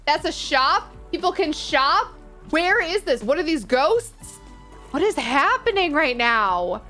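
A woman giving live reaction commentary as a gaming streamer, excitable and gushing, full of exclamations. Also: high voice, slow, faint music behind.

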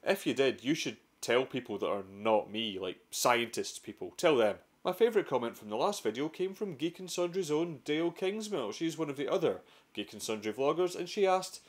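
A young man with a Scottish accent hosts a retro gaming vlog. He spins his stories with dramatic flair, drops to hushed suspense, then bursts out with profane punchlines. His voice sits at an ordinary middle pitch. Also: expressive, normal speed, few pauses. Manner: profane, dramatic storytelling with sudden outbursts. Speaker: gaming vlogger. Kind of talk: comedic scripted vlog narration.

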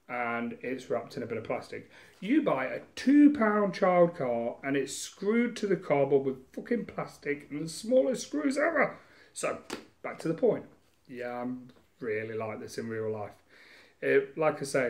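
A man's voice: medium pitch, darkish tone. A man chatting casually through a game unboxing at home, rambling, self-mocking and swearing, recorded on a camera mic. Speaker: gaming vlogger.

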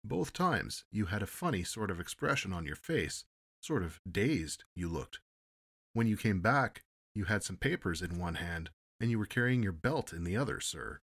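Give me a man playing an eager, respectful ship's steward, pitched up a bit. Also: lively intonation, moderate pace, a bit bright, full character voice. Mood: earnest. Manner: polite, says sir often. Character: deferential male ship's steward, eager and talkative.

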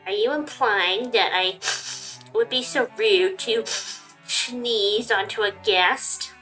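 A woman voicing a snooty, sniffly rich man in a fancy suit who is fighting a bad cold, with a nasal, drawn-out, haughty delivery in a game playthrough. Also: mid-range voice, bright, forceful tone, faint music behind, rough recording. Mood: offended.

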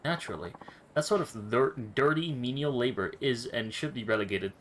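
A man's voice: mid-range voice, normal speed, a bit bright, slight background noise, close to an everyday voice, poor audio. A man voicing a pompous male nobleman in his thirties who speaks with haughty, florid insults.

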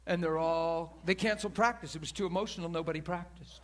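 A man preaching from the pulpit, telling a story in an animated way, laughing and rambling at himself. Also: a little high, fast. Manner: animated, laughing storyteller who acts out quoted voices; self-deprecating and rambling. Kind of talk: sermon storytelling. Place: church pulpit.

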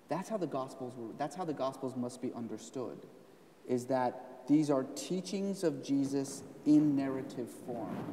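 A man's voice: medium pitch, mellow, a little hiss or hum. A man, an author and scholar, explaining at length in a live onstage conversation, with emphatic stresses. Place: event stage in a hall. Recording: roomy hall, voice from a distance.

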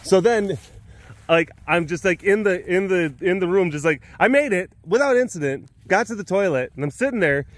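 This big cat sanctuary vlogger, a man recording outdoors, rambles through a casual story filled with sound effects and laughter. His high voice has lively intonation at a normal speed, with no room sound.

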